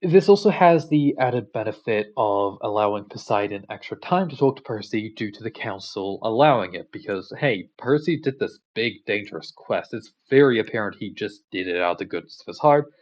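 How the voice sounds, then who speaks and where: A man's voice: on the low side, moderate pace, hardly any pauses, muffled recording. Easygoing man rambling through a retelling. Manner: relaxed, rambling, filler-heavy. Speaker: commentator. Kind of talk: casual storytelling commentary.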